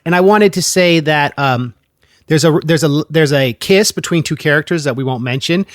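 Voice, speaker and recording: A man's voice: fairly high pitch, moderate pace, no echo, clean studio sound. A man hosting a podcast, chatting eagerly and jumping from one tangent to the next. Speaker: podcast host. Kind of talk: casual chat.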